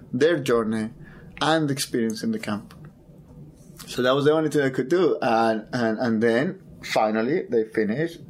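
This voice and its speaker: A man, a photographer, telling a personal story in an interview, halting and repeating words as he searches for them. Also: mid-range voice.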